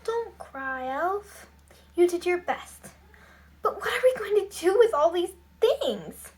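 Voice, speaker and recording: A woman's voice: very high voice, big pitch swings, slow, a little mellow, voice pushed up, exaggerated voice. A woman reading aloud, voicing a girl who exclaims and pleads with a clumsy elf. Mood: gentle. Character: exasperated young girl wishing for clothes.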